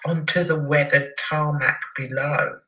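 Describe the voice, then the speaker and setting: Slow dramatic story narrator, bright tone, distant echoey recording. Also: mid-range voice, fairly even intonation. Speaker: narrator of a clip being reacted to. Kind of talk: story reading.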